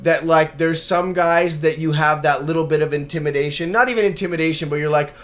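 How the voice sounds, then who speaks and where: A man's voice: a little high, a little fast, fairly bright tone. A man talking casually in an interview, brash and profane, telling hyped stories with bursts of laughter. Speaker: battle rapper guest.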